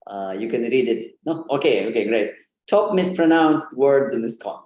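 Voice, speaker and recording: A man's voice: medium pitch, lively intonation, normal speed, darkish tone, echoey room, a little hiss or hum. A man giving an informal online lesson on pronunciation, with many fillers and light laughs. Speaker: Sanskrit pronunciation presenter.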